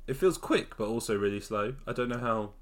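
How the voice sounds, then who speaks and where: A man's voice: fairly low pitch, lively intonation, brisk. A man co-hosting a podcast, casual and teasing, laughing a lot and swearing now and then. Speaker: podcast co-host. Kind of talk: casual chat.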